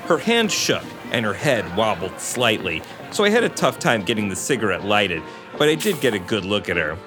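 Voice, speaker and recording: Man, podcast co-host, reads a novel aloud, lively intonation, laughs often, music behind. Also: on the low side. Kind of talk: book reading with casual commentary.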